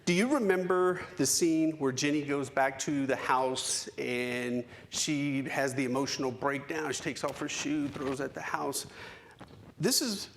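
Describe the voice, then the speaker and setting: A man in his forties giving a keynote speech, telling a personal story with dramatic pauses and emphasis. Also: mid-range voice, vocal fry. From United States. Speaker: keynote speaker. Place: conference hall stage.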